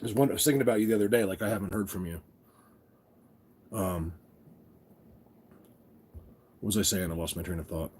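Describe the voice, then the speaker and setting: A vlogger with a low, husky, slightly mellow voice live-streams from his phone camera, groggy after just waking. His intonation stays fairly even as he talks a little fast, pauses often, rambles, and greets people by name.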